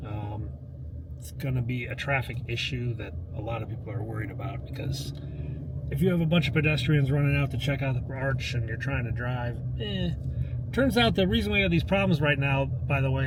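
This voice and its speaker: American guy chatting to his viewers, mid-pitched voice, handheld camera, traffic and street noise all around. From United States. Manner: chatty, talks straight to viewers. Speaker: vlogger. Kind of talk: casual walking and driving vlog. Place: outdoors on city streets and in a car.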